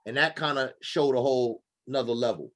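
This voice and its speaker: A man's voice: medium pitch, a little fast, fairly bright tone. A man hosting a casual panel discussion, rambling with many fillers and restarts. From Boston. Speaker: discussion host.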